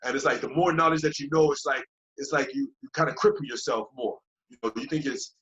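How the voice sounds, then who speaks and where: Medium in pitch and brisk in delivery, a man who teaches yoga chats as a podcast guest. He's loose and repetitive, circling back with "you know what I mean" and acting out his earlier thoughts in lively quoted voices, all casual and reflective. The recording is dull and lo-fi.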